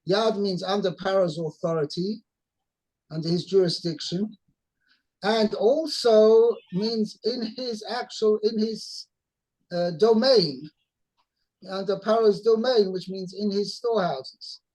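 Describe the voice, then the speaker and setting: A man's voice: high voice, takes it slowly, a little mellow, low-quality recording. A man teaching a text-study lesson, explaining word by word with many restarts. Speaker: Torah teacher.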